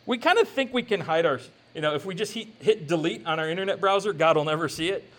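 Male pastor, casual joking sermon delivery, high animated voice. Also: quick pace. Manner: conversational, joking preaching with quoted asides.

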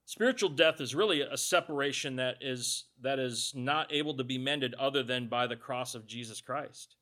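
A man's voice: medium pitch, normal speed, bright, forceful tone. A male pastor giving a conversational sermon, reading scripture aloud and adding joking asides.

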